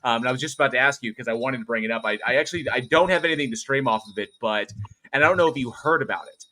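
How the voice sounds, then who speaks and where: A man hosting a casual livestream, chatting and getting animated as he tells stories. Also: medium pitch, racing. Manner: excitable, animated when telling stories. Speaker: host.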